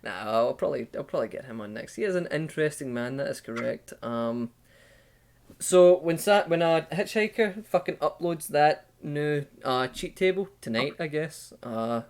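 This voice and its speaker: A man's voice: on the high side, animated, moderate pace. A man with a Scottish accent hosting a casual podcast, joking, teasing his guest and swearing freely. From Scotland. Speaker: podcast host.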